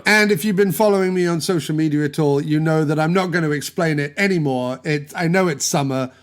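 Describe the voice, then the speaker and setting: A male podcast host with a high voice, talking in a loose, jokey way. He rambles and riffs through a casual chat, with faint music sometimes behind him. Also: a little fast.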